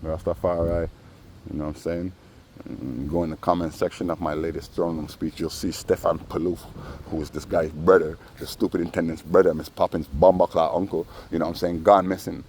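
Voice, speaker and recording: A man's voice: sits low, little pitch movement, fairly quick, darkish tone, a little hiss or hum. A man telling profane, rambling stories full of asides in a personal vlog. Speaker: vlogger.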